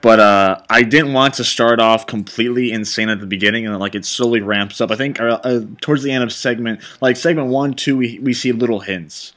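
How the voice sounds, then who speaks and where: A man's voice: mid-range voice, fairly quick, few pauses, a bit bright. A man directing and hosting a casual commentary chat, rambling and enthusiastic as he talks.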